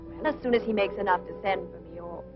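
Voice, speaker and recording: An actress playing a sweet young woman dancer who speaks softly and politely. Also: mid-range voice, fast, lightly acted. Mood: wistful. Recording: dull old film soundtrack with music.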